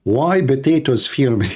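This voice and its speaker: Gravelly man. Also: medium pitch, warm tone. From Middle East. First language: Arabic. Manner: teasing, joking, laughing at own jokes. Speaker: live-stream host. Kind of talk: jokey live-stream cooking chat.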